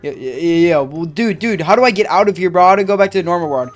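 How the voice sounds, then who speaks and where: A woman narrating a game role-play casually, in an excitable, slangy way, often yelling in alarm. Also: fairly low pitch, quick pace, soft background music. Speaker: gaming video creator.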